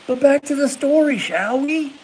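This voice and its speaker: A man's voice: very high voice, normal speed, slight background noise, rough recording. A man telling a casual personal story, laughing often and making sound effects. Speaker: vlogger.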